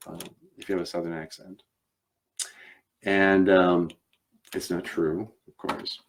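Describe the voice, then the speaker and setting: A man chats casually on a live stream, rambling with many fillers and restarts. His voice is very low and deep. He comes across as a relaxed, talkative host. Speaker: show host and puppeteer.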